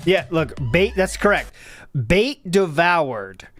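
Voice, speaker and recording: A man's voice: fairly high pitch, lively intonation, slow pace, fairly bright tone, faint music behind. A man giving sarcastic, teasing reaction commentary, mocking the other speaker.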